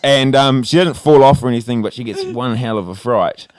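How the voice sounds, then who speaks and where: A man's voice: mid-range voice, brisk, a little mellow, dry recording, studio quality. A young Australian man telling a long story in casual podcast chat, rambling, laughing and swearing freely. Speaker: podcast co-host.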